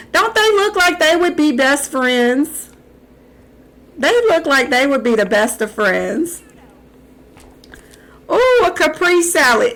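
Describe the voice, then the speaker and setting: A young adult woman streaming live, giving animated gameplay commentary and talking back to the characters on screen. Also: on the high side, vocal fry.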